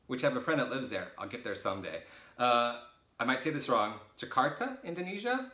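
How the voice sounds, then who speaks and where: A man's voice: mid-range voice, very animated, a little fast, bright, forceful tone, echoey room. Chatty middle-aged American man rambling. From United States. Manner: chatty, self-deprecating, jokey asides. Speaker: vlogger answering viewer questions. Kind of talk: casual rambling Q&A. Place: his boyfriend's home.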